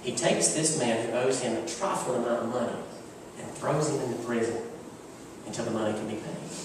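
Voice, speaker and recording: A man's voice: medium pitch, a little fast, noisy background. A male pastor preaching a sermon in a conversational, emphatic storytelling manner, recorded from far off in a church. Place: church sanctuary. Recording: echoey church hall from far off.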